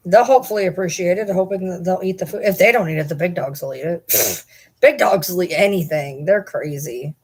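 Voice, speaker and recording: A woman's voice: fairly low pitch, fairly quick, breathy edge. A woman hosting a casual livestream, chatting and rambling to viewers and swearing casually. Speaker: livestream host.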